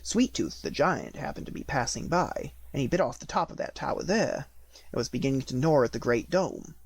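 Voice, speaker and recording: A man's voice: medium pitch, big pitch swings, normal speed, creaky, slight background noise. A man reading an audiobook, voicing a courtly young nutcracker prince who speaks formally and earnestly.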